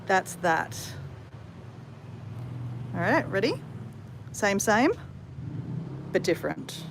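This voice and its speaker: A woman's voice: mid-range voice, very animated, extremely slow, creaky, background noise. A woman chatting casually to camera in a hotel room, rambling and calling her viewers guys. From Australia. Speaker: travel vlogger. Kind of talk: casual vlog chat to camera.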